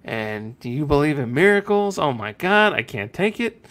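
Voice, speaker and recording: A man's voice: a little high, very animated, normal speed, a bit bright. A man in his forties hosting a podcast, chatting casually and laughing often. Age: 40s. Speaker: podcast host. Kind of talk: casual chat.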